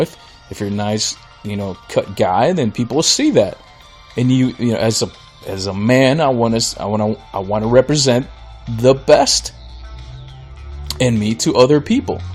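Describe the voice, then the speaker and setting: Male solo podcaster, mid-pitched, casual rambling rant over faint background music. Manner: rambling storyteller, many restarts, animated when retelling shock. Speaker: podcast host.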